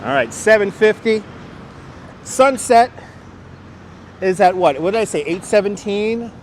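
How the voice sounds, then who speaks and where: This livestreamer, a middle-aged man from New York with a mild accent, strolls through the city chatting with his audience and responding to their comments. He speaks in a high, expressive voice at a slightly unhurried pace. The wireless lapel mic picks up faint street sounds outdoors.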